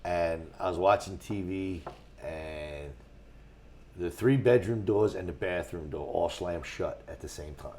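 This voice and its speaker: A man, a guest on a talk show, telling rambling stories with a lot of restarts and getting animated as he goes. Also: sits low, a little slow. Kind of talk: casual storytelling on a talk show.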